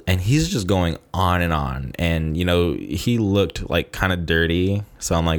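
A man's voice: deep voice, lively intonation, moderate pace, few pauses. A man vlogging in a loose, rambling way, leaning heavily on fillers like "like" and "you know" as he tells a story. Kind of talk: casual storytelling to camera.

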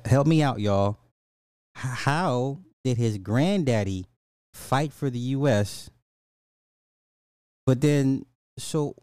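American man, mocking incredulous commentator, mellow low tone, dry close mic. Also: dry recording. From United States. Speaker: commentary host. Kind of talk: ranting reaction commentary.

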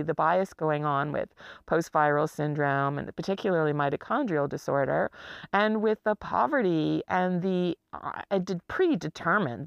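A worn-out woman talks straight to the listener in a candid personal monologue, her fairly low voice edged with gravel. She is blunt and raw, now and then sinking almost to a whisper. The sound is close and dry, with no room around it. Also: dry recording, lo-fi sound. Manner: blunt, emotional, voice dropping to near-whisper at times. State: exhausted. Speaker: chronically ill person speaking to camera.

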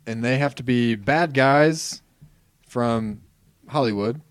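A man hosting a podcast, running the segments in a relaxed, easygoing way. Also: mid-range voice, slow pace, clean tone. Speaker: podcast host. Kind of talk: casual chat.

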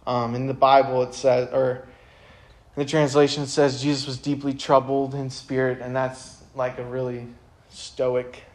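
A young youth speaker addresses a room of high school students at normal speed, casual and earnest, with lots of "um" and "like." He stays quiet and reflective for long stretches, then bursts into loud animation to drive a point home.

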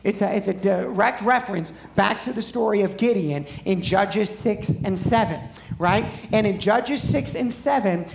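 A man's voice: high-pitched, normal speed, gravelly, echoey room, slight background noise. A man preaching a sermon as pastor, talking conversationally and putting questions to his listeners. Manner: conversational, asks the audience questions.

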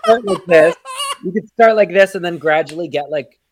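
A guest on a casual podcast chat, giggly and quick with asides. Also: mid-range voice, a crowd in the background.

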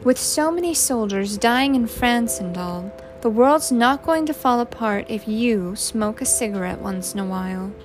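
Storybook teen girl, flippant and cheeky, pitched up, unhurried, voiced by a woman reader. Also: animated, faint music behind. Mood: defiant. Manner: flippant, wisecracking. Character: teenage girl, sassy and teasing.

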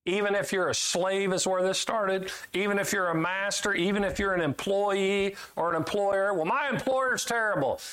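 Brief: middle-aged preacher, homespun and emphatic, voice sits a bit high, big swings up and down. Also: male voice, little pitch movement, moderate pace, few pauses, clear, resonant tone. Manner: folksy, emphatic, swinging between loud highs and low asides. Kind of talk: sermon.

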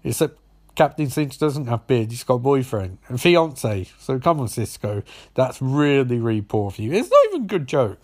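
A man's voice: medium pitch, big pitch swings, normal speed, a little mellow. A man recapping a TV episode in a casual, rambling way, with sarcastic asides and swearing. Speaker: show recapper.

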